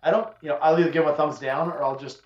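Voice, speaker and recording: A man hosting a casual chat among friends, telling animated stories, acting out the people in them and swearing freely. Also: fairly high pitch, rapid-fire. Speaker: host. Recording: echoey room, dull lo-fi sound.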